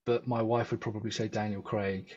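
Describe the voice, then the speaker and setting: English guy on a podcast, bit husky, jokey and quick to laugh at himself. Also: fairly low pitch, little pitch movement, a little mellow, muffled recording. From England. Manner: laughs easily, self-deprecating asides. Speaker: podcast guest. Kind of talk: casual interview chat.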